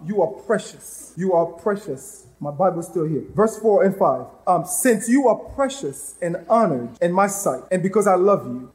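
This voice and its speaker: A man with a Haitian accent preaching a fervent sermon as a pastor in a church, breaking into loud outbursts. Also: high voice.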